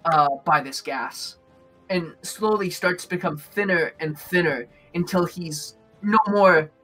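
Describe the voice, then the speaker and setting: A man narrating as game master of a tabletop game, describing scenes with frequent pauses. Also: a little high, bright, forceful tone. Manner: descriptive, hesitant with fillers.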